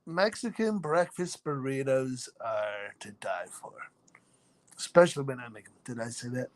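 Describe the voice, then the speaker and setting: At normal speed and medium pitch, a man hosts a relaxed live stream. He reads out viewer names, cracks jokes about himself, and laughs often.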